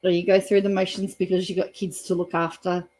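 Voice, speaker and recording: A woman's voice: on the low side, little pitch movement, brisk, darkish tone. Chatty Australian woman live-streaming. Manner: chatty, reads out viewer comments, thinks aloud with fillers. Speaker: YouTube live-stream host. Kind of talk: casual live-stream commentary.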